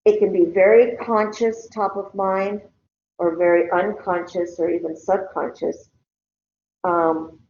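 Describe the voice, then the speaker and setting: A woman's voice: medium pitch, a little mellow, a little hiss or hum. An older woman lecturing a college class in a conversational way, checking in with her students. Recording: roomy, dull lecture-hall recording.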